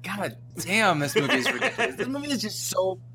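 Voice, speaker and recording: A man in his thirties with a bright, fairly high voice rants about a ridiculous movie, swearing and tripping over restarts as he goes. A faint hum sits in the background. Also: a little fast. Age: 30s. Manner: animated, profane, stumbling restarts. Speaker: podcast co-host. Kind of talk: casual movie review chat.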